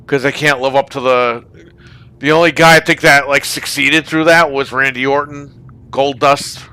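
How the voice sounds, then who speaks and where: Swearing heavily, a man hosting a casual online gaming podcast rants about wrestling. He speaks at a moderate pace in a medium-pitched voice that is pushed and bright yet clean, with fairly even intonation.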